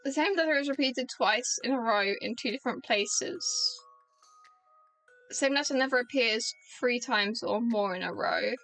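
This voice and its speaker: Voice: medium pitch, moderate pace, creaky, a bit bright, faint music behind. A British streamer commentating a video game playthrough, joking with chat and teasing themself. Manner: self-mocking, joking with chat.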